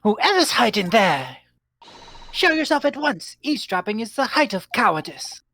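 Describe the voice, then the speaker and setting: A woman's voice: on the high side, big pitch swings, normal speed, fairly bright tone, a little hiss or hum. A woman voicing a composed, proper young woman who speaks formally and commandingly. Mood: stern.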